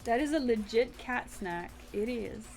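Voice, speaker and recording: A woman's voice: a little high, expressive, a little slow, darkish tone. A young adult woman streaming, chatting casually and reading a story game aloud, swearing now and then and talking to her chat. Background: faint music.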